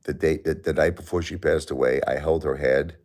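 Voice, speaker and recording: A man's voice: rumbling low, steady tone, brisk, a little mellow. A middle-aged man hosting a livestream, talking to his chat about his grief, turning heated and indignant when angry. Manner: grieving, talks straight to chat viewers. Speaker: livestream host. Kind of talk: emotional livestream talk to chat.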